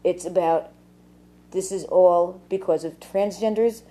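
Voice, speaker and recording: A woman's voice: on the low side, a little slow, warm tone. A woman ranting casually to camera in a rambling, profane way, full of fillers. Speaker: vlogger.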